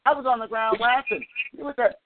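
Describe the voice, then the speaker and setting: A man telling a crude anecdote in casual talk, animated and profane. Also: extremely high pitch, quick pace. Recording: tinny phone-like line.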